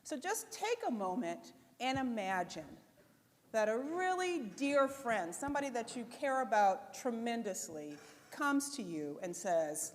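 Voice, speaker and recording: High-voiced woman speaking in a reverberant hall. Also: unhurried. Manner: animated and chatty, speaks straight to the audience. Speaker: conference speaker. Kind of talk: motivational conference talk. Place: conference stage before an audience. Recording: live talk in a reverberant hall.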